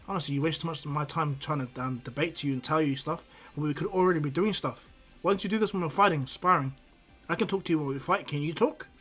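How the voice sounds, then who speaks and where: A man voicing a blunt, quick-tempered teenage ninja boy who lectures and scolds in a bossy way. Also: on the high side, fairly bright tone, faint music behind. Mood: scolding. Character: blunt hot-headed teen ninja boy.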